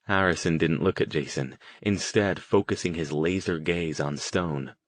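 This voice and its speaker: Measured and even, a man with a deep voice narrates a scripted audiobook. The recording is dry.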